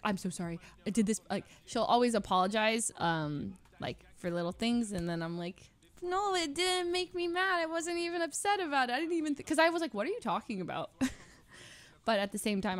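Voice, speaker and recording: A woman's voice: on the high side, expressive, brisk. A young woman streamer chatting casually with her viewers, rambling, laughing often and mimicking other people's voices.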